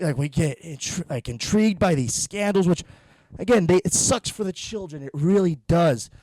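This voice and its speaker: A man's voice: on the high side, darkish tone, no room sound. A young man ranting through a profane, sarcastic comedy monologue, a little out of breath from pacing. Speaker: podcast host.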